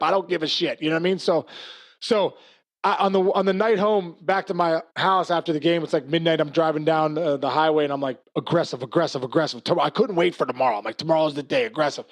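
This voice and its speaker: A middle-aged man, a former ballplayer, telling stories in a casual interview, animated and quick with restarts and acted-out quotes. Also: on the high side. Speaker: former baseball player and hitting coach.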